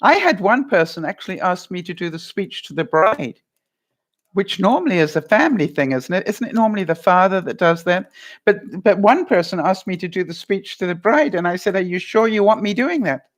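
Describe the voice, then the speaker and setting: A woman's voice: on the low side, lively intonation, a little fast. A woman vlogger chatting casually to viewers and answering their comments, telling stories and laughing often.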